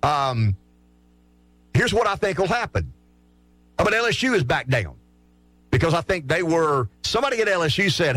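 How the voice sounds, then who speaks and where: A man's voice: on the high side, big pitch swings, moderate pace, long pauses, fairly bright tone, dry recording. A man arguing opinions on a sports talk show, firing off rhetorical questions and answering them himself.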